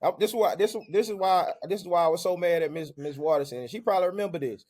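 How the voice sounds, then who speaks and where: A man's voice: sits high, fast. Slangy man telling a story. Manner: animated, slangy, repeats "man" and "bro". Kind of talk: casual storytelling chat.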